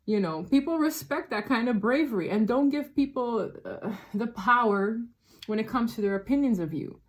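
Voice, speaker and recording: A woman's voice: fairly high pitch, expressive, normal speed. A woman giving a casual tarot reading straight to her viewers, chatty and rambling, often laughing and restarting her sentences. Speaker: tarot reader.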